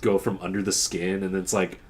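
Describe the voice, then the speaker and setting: A man's voice: low-pitched, fairly quick. A young man co-hosting a podcast, telling loose stories and joking in casual chat. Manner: relaxed, storytelling, jokey. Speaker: podcast co-host.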